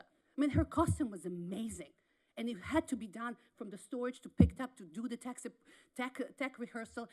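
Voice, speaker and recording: A woman, a parent, giving an impassioned public comment at a city meeting, pleading and repeating herself with halting restarts, speaking at a podium microphone in a council chamber. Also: high voice, warm tone.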